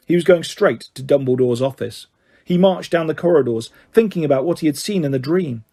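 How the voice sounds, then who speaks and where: A man narrating a fantasy audiobook in a steady storytelling manner. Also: a little high, husky.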